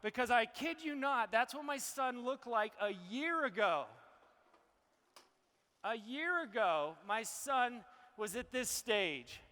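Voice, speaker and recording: A man's voice: very high-pitched, lively intonation, takes it slowly, sharp tone. A man giving an emotional, motivational health talk on stage to a live audience. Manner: emotional, preachy motivational delivery. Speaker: health speaker presenting to an audience. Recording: hall reverb.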